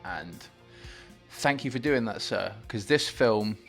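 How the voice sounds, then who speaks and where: A man hosting a movie reaction, talking about the film with excited, gushing enthusiasm. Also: fairly low pitch, slow pace, gravelly, soft background music.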